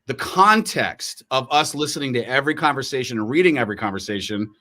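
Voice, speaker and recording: Man, middle-aged, casual live-stream chat, rambling with restarts, bright forceful tone. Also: mid-range voice, expressive, quick pace. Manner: rambling, full of restarts and quoted dialogue. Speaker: co-host.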